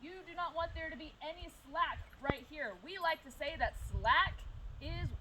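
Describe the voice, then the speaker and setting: A climbing instructor teaches a group about belaying outdoors, explaining plainly and step by step as part of a safety demonstration. She has a high-pitched, brisk voice, and the recording is very noisy.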